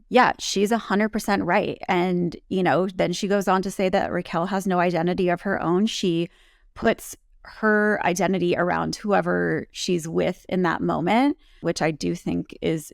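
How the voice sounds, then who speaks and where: A woman recapping a reality show in easy, chatty talk. Her voice has a gravelly edge, and she slips into animated quotes. The sound is close and dry, with no room echo. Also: lowish voice, normal speed. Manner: chatty, quotes others in lively bursts. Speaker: recap co-host. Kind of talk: casual recap chat.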